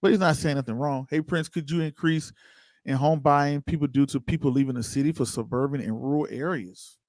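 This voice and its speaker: Male livestream host, slightly high voice, casual and chatty, close dry mic. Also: a little fast, darkish tone, dry recording. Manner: loose, conversational, chats with viewers by name. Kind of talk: casual livestream commentary reading chat.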